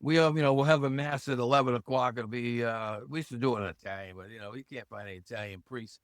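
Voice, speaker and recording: A man around seventy from Massachusetts, a podcast guest who tells lively stories and acts out the voices he quotes. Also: mid-range voice, fast, no echo, studio quality. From Hull, Massachusetts. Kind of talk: casual storytelling interview.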